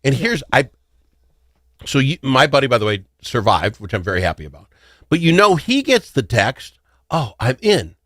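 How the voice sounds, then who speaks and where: Middle-aged talk-radio host, man, crisp and lively, dry close sound, loose storyteller who laughs a lot. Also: medium pitch, normal speed, no echo. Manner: rambling, joking storyteller who laughs often. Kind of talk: casual talk radio chat.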